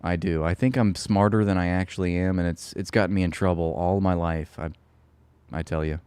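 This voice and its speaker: A man's voice: sits low, steady tone, a little fast, a little mellow, clean tone, no room sound. A man hosting a live reaction stream, talking in a sarcastic, profane and rambling way.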